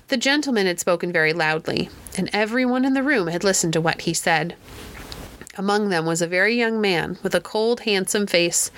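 A woman narrates a classic novel for an audiobook in a steady, measured way. Her voice sits at a middle pitch. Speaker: audiobook reader. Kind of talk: storybook narration.

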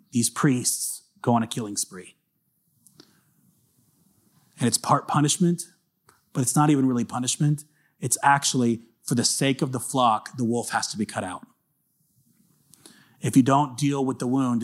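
A man preaches in an easy, conversational way, earnest and direct with his listeners. His voice sits at an ordinary middle pitch. It sounds like a relaxed church talk rather than a formal address. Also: moderate pace, pauses often. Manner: casual, earnest, acts out short quoted lines. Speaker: pastor. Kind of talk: conversational sermon.

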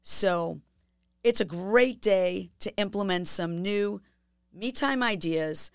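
A woman hosting a podcast, speaking gently and asking listeners reflective questions in a self-help talk. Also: mid-range voice, slow, gravelly, clean tone, no room sound, clean studio sound. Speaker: podcast host.

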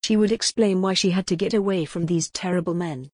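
A woman's voice: lowish voice, breathy edge, no echo, studio quality. Woman narrating a gothic audiobook. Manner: steady, measured storytelling.

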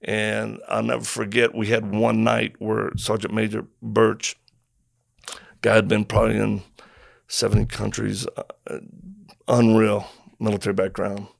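A man's voice: on the low side, a little slow, gravelly, dry recording, clean studio sound. A middle-aged man and former Marine telling stories in casual conversation, acting out quotes and sound effects as he goes. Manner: animated storyteller, acts out quotes and sound effects.

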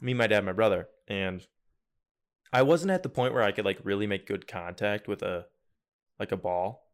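A young man co-hosting a podcast, telling a story in a casual, animated way. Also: on the low side, moderate pace. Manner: animated storyteller, loud shouted impressions. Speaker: podcast co-host.

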